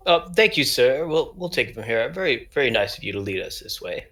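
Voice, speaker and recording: A man's voice: medium pitch, expressive, a little fast, fairly bright tone. A man playing a tabletop game, speaking politely and persuasively in character. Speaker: player.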